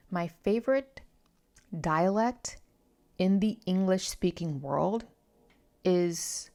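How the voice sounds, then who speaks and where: Young woman, lowish voice, chatty book-vlog host who talks with asides and self-corrections. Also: vocal fry, a little mellow. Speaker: book reviewer. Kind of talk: casual book review vlog.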